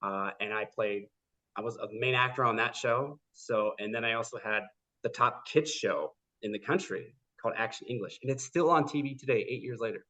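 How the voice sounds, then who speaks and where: A man telling his story as a podcast guest, lively and full of "like" fillers, acting out the people he quotes. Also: medium pitch, fairly quick. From United States. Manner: animated, acts out quoted people, many "like" fillers. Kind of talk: casual storytelling interview. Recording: dull lo-fi podcast audio.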